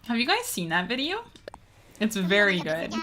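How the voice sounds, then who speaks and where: A woman's voice: medium pitch, wildly swooping pitch, normal speed, music in the background. A Canadian woman streaming a game, chatting casually in a rambling way with lots of fillers and easy laughs. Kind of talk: casual gaming stream chat.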